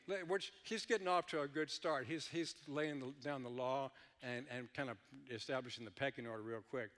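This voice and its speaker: Joking pastor in a reverberant hall. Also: male voice, a little high, normal speed, a bit bright. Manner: joking asides to the congregation. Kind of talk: sermon.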